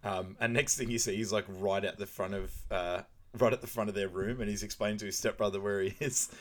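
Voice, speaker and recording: A man's voice: on the low side, steady tone, brisk. A man co-hosting a podcast, retelling film scenes in casual chat with quoted lines and frequent laughs. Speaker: podcast co-host.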